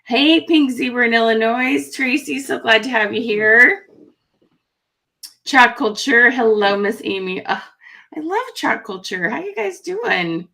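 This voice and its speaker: A woman hosts a live online session, greeting her chat viewers one by one in a friendly, chatty way. Her voice is bright and sharp. She talks at an unhurried, slow pace. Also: a little high, animated, gravelly. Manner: friendly, chatty, reacting warmly to viewer comments. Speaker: livestream host.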